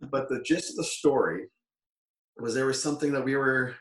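A man's voice: mid-range voice, normal speed, a bit bright, far from the mic. Man from Canada, forties, interview guest, rambling storyteller, self-correcting, echoey room, sits away from the mic. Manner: rambling, self-correcting, laughs while telling stories. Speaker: guest, former wrestler. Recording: roomy, off-mic sound.

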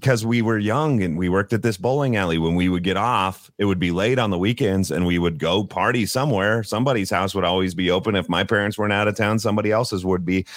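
A man with a very deep voice telling stories in a relaxed, casual podcast chat. The sound is close and dry, with no room echo. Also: quick pace, few pauses. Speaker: podcast co-host.

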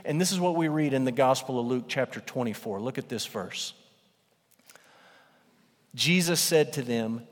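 Male pastor, sermon delivery, emphatic and repetitive, mid-pitched, long hall reverb. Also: moderate pace, long pauses. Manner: emphatic, repeats phrases for weight.

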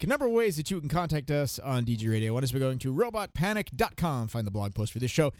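A man's voice: medium pitch, very animated, quick pace, few pauses, darkish tone, no echo, studio quality. A man hosting a casual radio show, joking and laughing with his co-hosts. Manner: jokey, laughing banter. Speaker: podcast host. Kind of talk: casual chat.

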